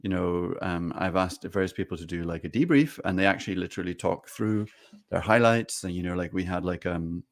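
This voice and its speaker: A man co-hosting a podcast, giving relaxed advice to leaders in casual conversation. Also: deep voice, fairly quick. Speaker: podcast co-host.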